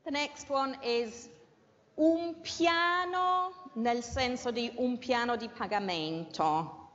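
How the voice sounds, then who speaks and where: A woman's voice: a little high, takes it slowly, a bit bright. A woman teaching an English class in a classroom and leading a dictation, patiently repeating each word twice. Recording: dull lo-fi sound with long room reverb.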